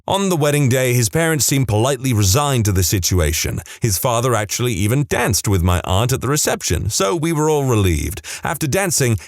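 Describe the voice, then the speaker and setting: A man's voice: medium pitch, no echo, clean studio sound. A man narrating Reddit stories aloud in a wry, casual storytelling manner with brief asides.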